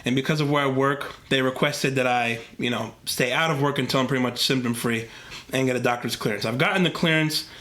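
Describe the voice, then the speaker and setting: A man's voice: mid-range voice, brisk, sharp tone. Congested young man talking to camera. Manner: earnest, rambling with many fillers. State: congested from a cold. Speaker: vlogger. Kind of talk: casual talk to camera. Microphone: camera mic, talking to camera.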